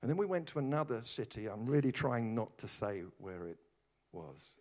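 A man preaching a humorous sermon, telling stories with animated delivery and quick asides. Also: mid-range voice.

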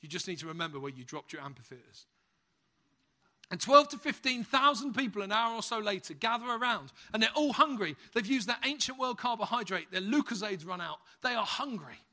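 A British man delivers a sermon with a bright, ringing voice that sits high for a man. He tells stories with comic timing and lively energy. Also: brisk. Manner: humorous, lively storyteller. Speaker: preacher.

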